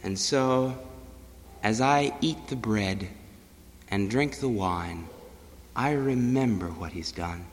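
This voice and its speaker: A man preaching a sermon, swinging between loud declarations and hushed, low-pitched passages. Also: slow pace, pauses often, long reverb tail.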